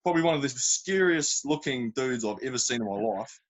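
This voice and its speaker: A man's voice: mid-range voice, lively intonation, fairly quick, rough recording. A man with a New Zealand accent, a podcast guest telling long rambling stories in a casual, slangy way. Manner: rambling, self-interrupting anecdotes with colloquial slang. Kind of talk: casual storytelling chat.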